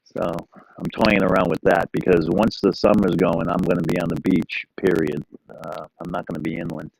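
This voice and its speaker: A man's voice: deep voice, level tone, normal speed, creaky, no echo, low-quality recording. A middle-aged man hosting a live stream, chatting casually and rambling in an easygoing way to his viewers. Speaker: livestream host.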